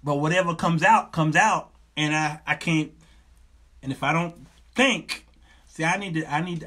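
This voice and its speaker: A man, hosting a live talk show in a loose, animated way and acting out both sides of his stories. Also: on the high side, husky. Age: 50s. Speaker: show host.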